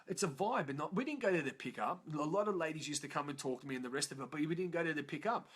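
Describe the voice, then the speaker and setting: Man, Australian accent, middle-aged, slightly higher voice, casual storytelling, rambling, swears a lot. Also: quick pace, breathy edge. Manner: rambling, animated, swears freely. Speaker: speaker telling his life story.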